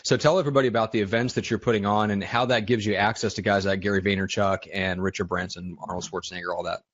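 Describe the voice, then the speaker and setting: A man co-hosting a podcast, putting questions to the guest in a halting, restarting way. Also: lowish voice, steady tone, fairly bright tone, muffled recording. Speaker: co-host. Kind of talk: casual interview questions.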